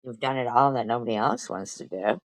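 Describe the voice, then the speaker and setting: A woman's voice: rumbling low, a little fast, no echo. A woman streaming live, making crude and mocking comments on a clip she is reacting to. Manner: mocking and crude, repeats jabs.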